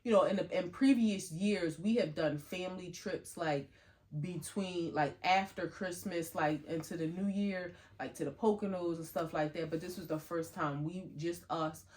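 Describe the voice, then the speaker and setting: A middle-aged woman co-hosting a podcast, chatting casually and acting out quoted lines in a lifted voice. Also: moderate pace. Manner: animated storyteller, acts out quotes in a higher voice. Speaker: podcast co-host. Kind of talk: casual chat.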